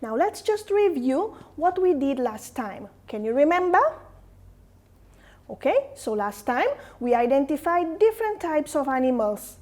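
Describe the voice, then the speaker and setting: High-voiced woman teaching an English lesson. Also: big pitch swings, darkish tone. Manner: slow, explaining, asks questions to the class. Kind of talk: classroom lesson addressed to students.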